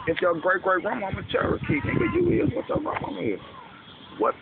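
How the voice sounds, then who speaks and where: A man's voice: high-pitched, sing-song, a little fast, gravelly. Male speaker, informal lecturing tone, slangy, lo-fi recording with heavy noise. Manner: preachy, street slang, repeats "you know what I'm saying". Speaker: speaker explaining a belief. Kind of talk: casual monologue. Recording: tinny lo-fi with loud background noise.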